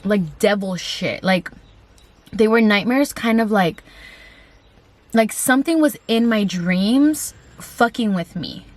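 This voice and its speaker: Chatty woman telling a spooky story. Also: medium pitch. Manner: chatty, heavy on "like" fillers and swearing; animated, talks straight to viewers. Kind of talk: casual storytime vlog.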